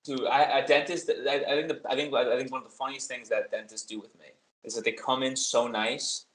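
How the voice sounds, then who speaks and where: A man's voice: mid-range voice, fairly even intonation, fairly quick, fairly bright tone. A man in his twenties co-hosting a podcast, telling rambling stories in casual chat and swearing freely. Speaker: podcast co-host. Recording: roomy echo.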